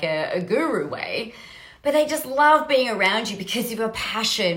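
A woman's voice: medium pitch, a bit bright. A woman podcast host giving a casual motivational monologue, chatty, often adding "right?", restarting phrases and swearing casually. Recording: roomy echo.

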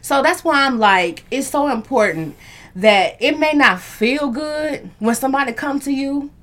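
Animated middle-aged woman hosting a chat. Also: high voice, a little slow. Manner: animated, emphatic, frequent restarts. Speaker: show host. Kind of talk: casual chat, storytelling.

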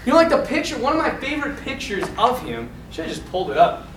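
High bright-voiced man, animated. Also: quick pace, slight background noise. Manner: animated, casual, quotes scenes with feeling. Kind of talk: informal talk to young men. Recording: echoey room from far off.

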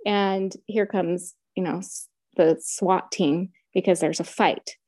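A woman's voice: on the low side, fairly even intonation, slow, a little mellow, dry recording, studio quality. A middle-aged woman telling her own story in casual conversation, retelling events vividly and acting out quotes.

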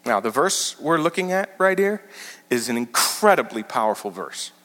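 A man preaching a sermon as pastor, teaching with animated, emphatic repetition. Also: mid-range voice, normal speed. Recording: large hall with long reverb.

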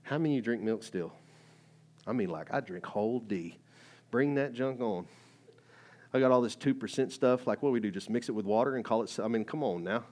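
A man preaching a sermon in a conversational, animated way, full of fillers and rising emphatic bursts. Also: medium pitch, fast talker. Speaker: pastor.

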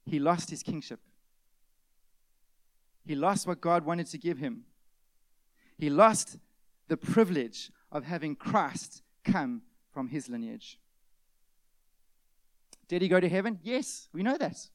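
A male pastor preaching a sermon, swinging from loud emphatic peaks to hushed near-whispers and asking the congregation rhetorical questions. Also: a little high, slow, long pauses, dry recording.

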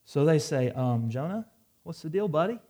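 A man's voice: a little high, animated, moderate pace, dark tone. A man preaching a sermon, reading scripture dramatically and dropping wry asides. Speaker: pastor.

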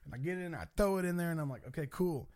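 A young man recounting a story in a loose, profane way, his voice sitting a little high and often breaking into laughter. He sounds close to the mic in a dry, dead room with no echo. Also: animated, very fast, darkish tone, clear, resonant tone. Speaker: storyteller in a group chat. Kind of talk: casual storytelling chat.

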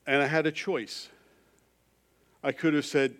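A middle-aged male pastor tells a personal story in his sermon, his loud emphasis falling away into a hushed, confessional tone. His voice is medium-pitched and a little slow, with frequent pauses.

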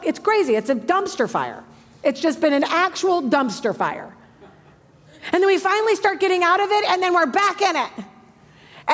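A woman in her thirties preaching a sermon with passion, moving between hushed, soft lines and emphatic ones. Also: extremely high pitch. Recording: long hall reverb.

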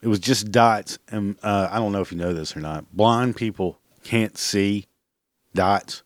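A man's voice: fairly low pitch, a little slow, no echo, clean studio sound. A man hosting a podcast, ranting casually and bluntly, swearing freely and laughing at his own jokes. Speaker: podcast host. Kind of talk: casual solo rant.

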